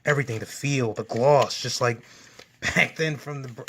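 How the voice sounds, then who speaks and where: A man's voice: medium pitch, normal speed, a bit bright, a little hiss or hum. A man hosting a gaming channel, giving casual, enthusiastic unboxing commentary at home. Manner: enthusiastic, gushing.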